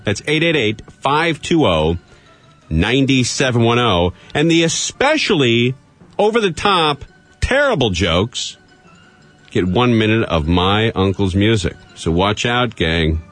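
A man hosting a live call-in radio show, brisk and wisecracking. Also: mid-range voice, very animated, fairly bright tone, soft background music. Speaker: radio talk show host.

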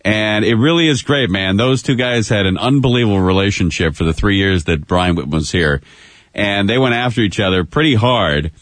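A man's voice: on the low side, expressive, a little fast, fairly bright tone, no room sound. A man hosting a radio talk show, wisecracking and introducing clips in casual banter.

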